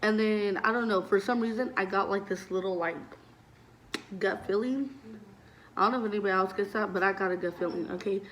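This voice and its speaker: A woman's voice: medium pitch, a little fast, a little hiss or hum. A young adult woman vlogger telling a casual story, chatty and full of fillers, swearing freely. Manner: chatty, heavy use of "like" and swearing; animated retelling, voices loud when acting out scenes.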